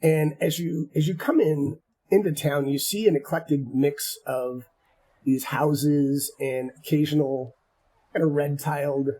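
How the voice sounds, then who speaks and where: A man running a tabletop game as game master, narrating in a halting way with many repeated words. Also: fairly high pitch, steady tone, warm tone, slightly rough, rough recording.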